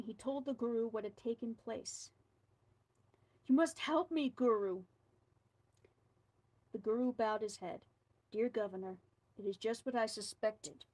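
Reading a frightening tale in a storybook manner, a fairly high-voiced woman adds soft personal asides as she goes. Her pace is moderate, and the recording is rough.

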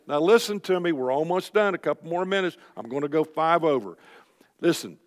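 Older man preaching folksy in a reverberant hall. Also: on the high side. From Texas. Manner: folksy, emphatic preaching with rhetorical questions. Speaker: Christian speaker at a men's luncheon. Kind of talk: sermon. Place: luncheon hall.

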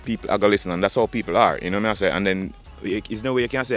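A Jamaican man with a lowish voice talks quickly in a loose interview. He circles back over his points and restarts his sentences again and again, with faint music playing behind him. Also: fairly bright tone. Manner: fast, repetitive, restarts often, uses slang. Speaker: dancehall artist. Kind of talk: interview, casual talk.

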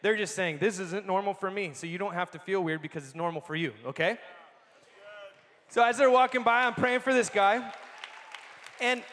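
A man giving a sermon as a personal story, animated and laughing often as he tells it. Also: high voice, normal speed, long pauses, a faint crowd. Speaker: conference speaker. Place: large conference hall. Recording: long hall reverb.

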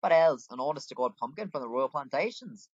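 A man voicing a gruff, blunt male tavern keeper in a put-on brogue, reading game dialogue aloud. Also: mid-range voice, lively intonation, a little fast, no echo. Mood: hearty. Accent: put-on Scottish-style brogue. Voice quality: rough, hearty, calls people laddie. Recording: dull lo-fi home mic.

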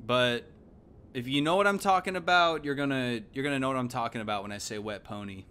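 A young man with a smooth, medium-pitched voice talks a little fast during a video game stream. He chats casually and rambles with plenty of swearing, mumbling, then suddenly yelping in excitement.

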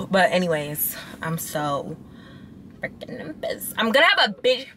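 A woman's voice: lowish voice, a little slow, slight background noise. A young woman vlogger, talking casually to her viewers while venting and chatting. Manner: chatty, venting, expressive, addresses viewers as y'all. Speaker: lifestyle vlogger. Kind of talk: casual vlog talk to camera.

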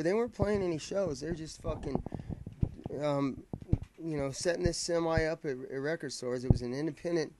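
A man's voice: medium pitch, noisy background. A man telling a long, rambling story in casual vlog style, swearing freely and often restarting his sentences. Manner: rambling, profane, with many restarts. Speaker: vlogger telling a fan story.

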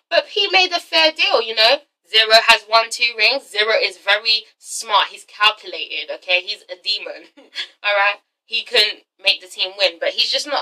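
A woman's voice: a little high, pushed and bright, distant mic, poor audio. A woman doing a casual vlog recap of a TV episode, sassy and swearing freely as she talks straight to her viewers. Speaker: TV episode reviewer.

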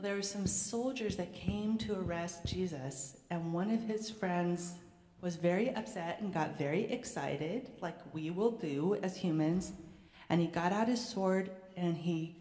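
A woman pastor leading prayers and then telling a story to children in a gentle, conversational way. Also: fairly low pitch. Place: church sanctuary. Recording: echoey church hall reverb.

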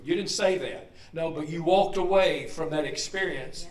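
A man's voice: a little high, moderate pace, hardly any pauses, reverberant, recorded from a distance. A man preaching a sermon in a conversational way, putting questions to the congregation. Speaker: pastor.

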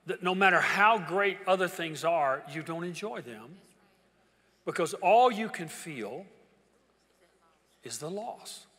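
An older man preaching a sermon as pastor, telling a personal story and swinging from hushed to loud. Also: high voice, animated, a little slow. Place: large church auditorium. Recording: reverberant church hall with congregation.

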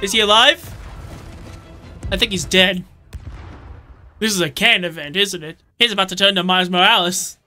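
A man talks through his gameplay with jokes and excitable running commentary. His voice is very bright and sharp, and he often bursts into shouts. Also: sits high, moderate pace, long pauses, soft background music. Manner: jokey, excitable, shouts reactions. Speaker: let's play host.

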